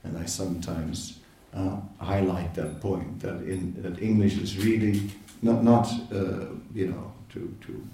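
A man giving an informal spiritual lecture, talking in a conversational, halting way with many fillers and laughing asides. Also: deep voice, fairly even intonation, warm tone, far from the mic, a little hiss or hum. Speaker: spiritual teacher. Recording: echoey room, voice from off-mic.

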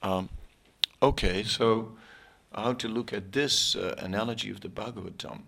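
A man giving an informal, rambling sermon, joking often and pausing with many fillers and restarts. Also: on the low side, gravelly, a bit bright. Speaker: spiritual teacher.

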